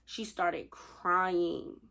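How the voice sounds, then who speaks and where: A woman in her late twenties telling a college story to her viewers in a casual, animated way, calling them y'all and acting out what people said. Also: fairly low pitch, extremely slow, gravelly, slight background noise. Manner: animated, addresses viewers as y'all, acts out quotes. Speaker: storytime vlogger.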